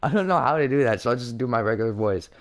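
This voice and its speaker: A man's voice: mid-range voice, lively intonation, racing. Young man reading a script aloud. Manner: laughing, self-interrupting. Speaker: script reader.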